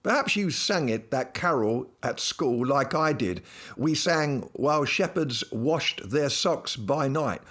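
A man's voice: mid-range voice, lively intonation, takes it slowly, fairly bright tone. A man hosting a devotional talk, mixing playful storytelling and humor into his message. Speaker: host and Christian speaker.

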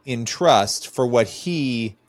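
A male interviewer asks gentle, affirming follow-up questions. His voice is at a middle pitch and sounds dry and close, with no room around it. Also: lively intonation, takes it slowly, dry recording.

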